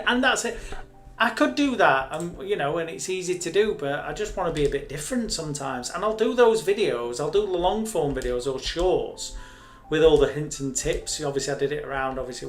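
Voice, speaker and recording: A man casually chatting and rambling as host of a live game stream, joking at his own expense. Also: on the high side. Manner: chatty, rambling, self-mocking.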